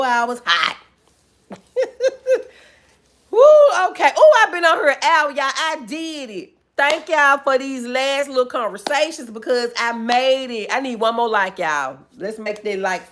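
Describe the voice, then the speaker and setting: A woman hosting a casual livestream, chatting with viewers, reading comments aloud, laughing and whooping. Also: on the high side. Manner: animated, laughing, loud whoops, reads chat aloud. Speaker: livestream host.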